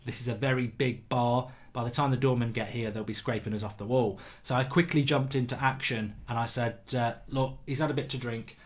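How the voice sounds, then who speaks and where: A man's voice: medium pitch, fairly even intonation, fairly quick, few pauses. A man, hosting a casual livestream chat and telling rambling anecdotes full of restarts. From England. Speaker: show host.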